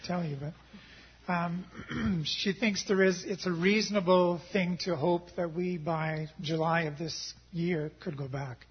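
Hoarse missionary guy answering questions, really rough voice, kinda muffled recording. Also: high voice, steady tone. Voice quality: husky. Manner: pauses to clear his throat. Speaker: missionary guest. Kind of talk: interview answers. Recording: dull lo-fi sound.

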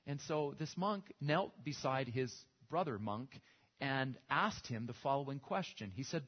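Male pastor, husky middle voice, storytelling sermon, muffled recording. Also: mid-range voice, expressive, a little slow. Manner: storytelling, with small restarts and repetitions. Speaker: preacher. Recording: dull lo-fi recording.

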